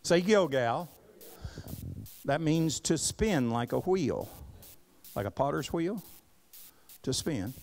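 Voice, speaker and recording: A man's voice: on the high side, takes it slowly, long pauses. A man preaching a sermon, reading scripture aloud and breaking off into folksy asides to the congregation. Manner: animated preaching, reads scripture aloud and asks the congregation to repeat words; folksy Southern-flavored asides. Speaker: pastor. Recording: live church service recording.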